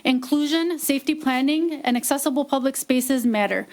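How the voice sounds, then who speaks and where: A mother reads her statement to a city council, firm and earnest, pleading for her family. Her voice is high. The delivery is prepared and deliberate. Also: darkish tone. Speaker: parent giving public comment. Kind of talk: prepared public comment read aloud.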